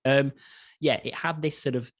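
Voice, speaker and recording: A man's voice: medium pitch, fairly even intonation, normal speed. A young man co-hosting a casual film review podcast, rambling through his points with lots of swearing and restarts. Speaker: podcast co-host.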